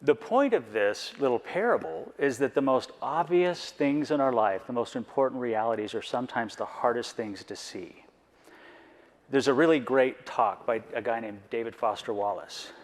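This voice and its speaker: A man's voice: mid-range voice, animated, normal speed. A man on a conference board giving a reflective, personal talk, earnest and full of rhetorical questions.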